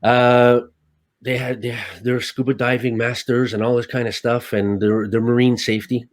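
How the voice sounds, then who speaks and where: A man who works as a stuntman, a guest telling stories in casual, animated talk, swearing often and acting out his own lines. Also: mid-range voice, moderate pace, dry recording. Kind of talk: casual storytelling.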